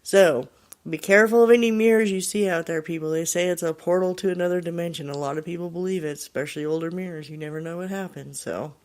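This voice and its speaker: A man with a somewhat high, gravelly voice hosts a show, casually retelling a listener's eerie experience. He rambles and searches for words, leaning on fillers as he goes. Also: fast talker. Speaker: podcast host. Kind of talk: casual storytelling of paranormal accounts.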